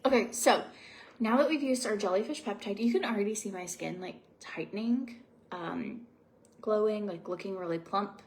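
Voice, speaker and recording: A woman's voice: medium pitch, moderate pace, a little mellow. A young adult woman chatting casually at home while doing her skincare routine, rambling and confiding with lots of fillers. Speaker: beauty vlogger.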